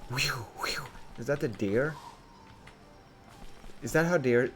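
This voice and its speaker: A man's voice: medium pitch, lively intonation, takes it slowly, faint music behind. A man streaming a building game, rambling and questioning himself as he thinks aloud. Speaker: gameplay streamer. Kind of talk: casual gameplay commentary.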